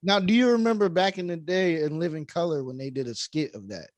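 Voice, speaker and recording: A man hosting a podcast, chatting in a relaxed, enthusiastic way. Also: a little high, brisk, no room sound. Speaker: podcast host. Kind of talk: casual conversation.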